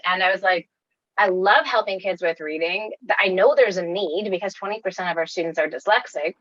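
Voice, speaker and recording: A chatty woman with a Wisconsin accent speaks in a bright, forceful tone. The sound is dry and a little dull, like a lo-fi remote call. She talks as an upbeat interview guest. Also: mid-range voice, dry recording. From United States. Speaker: guest, online tutoring coach. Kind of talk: casual interview chat.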